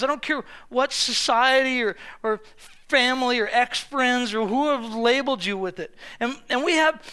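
An older man preaching a lively sermon, telling stories with acted-out voices and humor, often restarting and repeating words. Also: extremely high pitch, smooth. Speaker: pastor.

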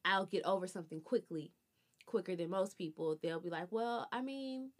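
A woman's voice: lowish voice, fairly even intonation, a little fast. A young woman co-hosting a podcast, talking bluntly and swearing freely in casual chat at a close mic. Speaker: podcast co-host. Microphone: close podcast mic, eating while talking.

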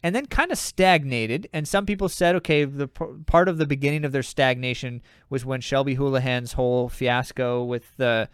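A man hosts a running podcast and gives his take on the news, emphatic and opinionated, with plenty of fillers. His voice sits at a middle pitch. The sound is dry and close. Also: fairly even intonation, normal speed, hardly any pauses, clean tone, no echo. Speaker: podcast host. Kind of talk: casual news commentary.

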